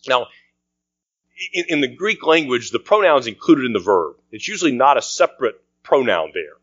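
A man's voice: mid-range voice, big pitch swings, normal speed, dry recording. Earnest man preaching, dry dull sound. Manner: earnest preaching, dropping to quiet for emphasis. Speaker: pastor. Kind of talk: sermon.

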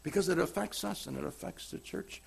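A man preaching a sermon as pastor, swinging between loud emphatic stress and quiet asides. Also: high-pitched, fairly quick, gravelly, husky.

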